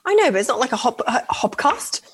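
A young woman co-hosting a radio dating show in loose, chatty banter. Her voice sits a touch high, and she swears freely, laughs often and reads listener letters aloud. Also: big pitch swings, a little fast, slightly rough. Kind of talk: casual banter on a radio podcast.

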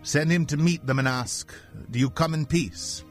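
A man's voice: fairly high pitch, moderate pace, faint music behind, voice pushed up, lightly acted. A man reading the part of an anxious male king who asks urgent questions.

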